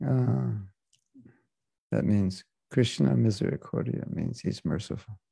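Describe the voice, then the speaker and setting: A man teaching a scripture class in a gravelly, mellow voice. He talks in a loose, joking way and drifts off on side remarks. The sound is dry and close. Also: medium pitch, animated, measured pace, dry recording. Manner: casual, joking, digressive. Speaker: spiritual teacher. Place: class in Florida.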